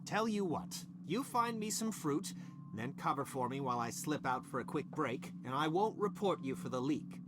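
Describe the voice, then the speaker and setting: A cranky, hungry lab boss barks sarcastic insults in a high, swooping voice, as a man voices him for a game. The game audio carries a steady hiss and a low hum underneath. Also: normal speed, close to an everyday voice. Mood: sheepish. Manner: snapping, sarcastic insults, then stiff apologies. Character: irritable middle-aged male lab boss, hungry and short-tempered. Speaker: senior scientist.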